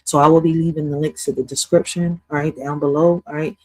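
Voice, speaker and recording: A woman's voice: low-pitched, flat delivery, brisk, darkish tone, no room sound, low-quality recording. A woman poet and streamer ranting casually on a live stream. She talks bluntly, swears freely and keeps breaking in with "listen" and "right?".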